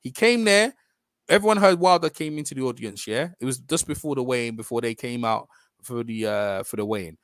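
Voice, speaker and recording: A man's voice: mid-range voice, expressive, brisk, a bit bright, dry recording, clean studio sound. A man hosting a live boxing chat on a video call, arguing emphatically and repeating himself. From England. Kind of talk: heated casual debate.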